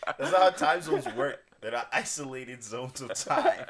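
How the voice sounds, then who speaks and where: A young man joking around on a podcast with his friends, his pitch jumping as he laughs through his lines. Loud background chatter fills the room behind him. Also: lively intonation, unhurried. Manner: joking, laughs while talking. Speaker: podcast co-host. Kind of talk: casual chat among friends.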